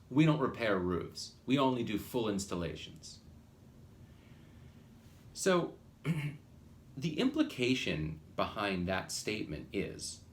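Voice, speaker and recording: A man hosting a podcast, talking through a business lesson in a rambling, animated way that often breaks off mid-phrase and restarts. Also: fairly low pitch, slight background noise. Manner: animated, rambling, self-interrupting. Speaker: podcast host, marketing consultant. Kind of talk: casual monologue with acted quotes.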